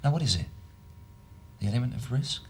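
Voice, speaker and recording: A sardonic, probing detective. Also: male voice, medium pitch, expressive, fairly quick, husky. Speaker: police detective.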